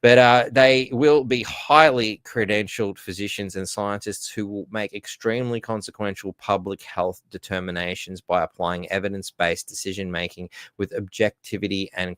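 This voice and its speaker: An Australian man hosts a solo news commentary, ranting sarcastically and trailing off into asides. His lowish voice is smooth and sounds close and dry. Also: a bit bright, no echo. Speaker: host.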